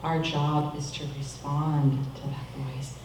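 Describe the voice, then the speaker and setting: A middle-aged woman giving a calm, measured, reflective sermon as a minister. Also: deep voice, recorded from a distance, background noise. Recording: echoey room, voice from off-mic.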